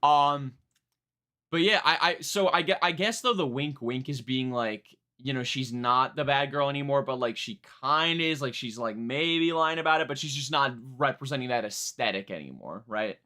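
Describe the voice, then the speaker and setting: A man's voice: mid-range voice, normal speed, sharp tone. A young man streaming a live album reaction, chatting casually in a rambling, self-mocking way.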